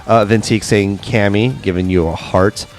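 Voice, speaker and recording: A man's voice: lowish voice, steady tone, normal speed. A man hosting a studio interview live stream, upbeat and chatty, reading out viewer comments. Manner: upbeat, reads chat comments aloud. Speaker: host.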